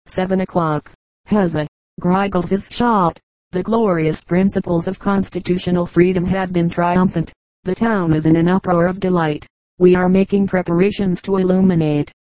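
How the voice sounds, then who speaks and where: A woman reading a comic periodical aloud as an audiobook, in a measured, even manner. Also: on the low side, dry recording, rough recording. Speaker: audiobook reader.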